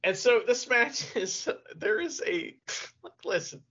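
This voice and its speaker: A man co-hosting a wrestling podcast, chatting casually and excitedly, often laughing. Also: very high voice, unhurried. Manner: animated, laughing, mock-serious. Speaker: podcast co-host. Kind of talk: casual chat reviewing wrestling. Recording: dull lo-fi podcast audio.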